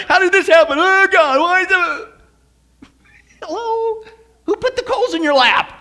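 A man preaching a sermon in church, folksy and joking, swinging from quiet asides to loud exclamations. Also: very high-pitched. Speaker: pastor.

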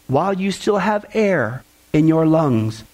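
A man preaching a sermon, emphatic, with a voice that swoops up when quoting and drops low to close each point. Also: sing-song, slow pace, darkish tone. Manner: emphatic, swooping pitch, quotes deathbed words with rising fervor.

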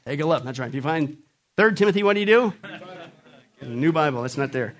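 A man preaching a sermon, animated and playful, acting out jokes and mocking voices and calling on the congregation to answer back. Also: a little high, fairly quick. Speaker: pastor.

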